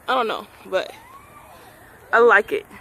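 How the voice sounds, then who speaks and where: A woman vlogging on a handheld camera at an outdoor park, chatting in a slangy, excitable way. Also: mid-range voice, a little slow, rough recording. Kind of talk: casual vlog chat. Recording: outdoor noise behind.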